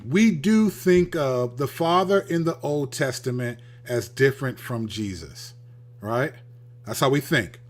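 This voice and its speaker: A male host delivers a casual, sermon-like talk, mixing loose slang with scripture. His voice sits a little high and swoops widely up and down as he presses his points. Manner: animated, emphatic, repeats phrases for stress. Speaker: Christian channel host. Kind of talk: preaching-style video talk.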